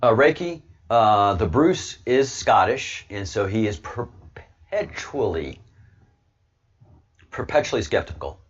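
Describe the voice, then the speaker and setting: A man with a deep, low voice hosts his online show in heated commentary, hammering points and stumbling over repeated words. The sound is dull and lo-fi. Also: very animated, slow pace, pauses often, breathy edge. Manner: emphatic, repeats words while pushing a point. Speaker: host of an online video show.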